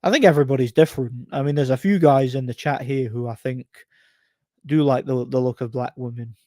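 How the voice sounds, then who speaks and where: A man hosts a casual live stream, rambling through chat comments, repeating himself, and laughing at his own stories. His voice is medium-pitched, brisk, and warm, recorded dry with clean studio sound.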